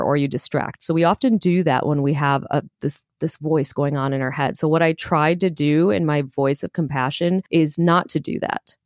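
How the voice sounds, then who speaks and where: A woman explaining self-compassion techniques in a relaxed, earnest conversation, laughing now and then. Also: sits low, dry recording, clean studio sound.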